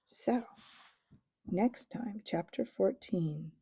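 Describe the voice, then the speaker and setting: A woman reading a children's storybook aloud, expressive in her delivery. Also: mid-range voice, very slow, husky, no echo. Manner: expressive, varied voices for characters. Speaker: audiobook reader.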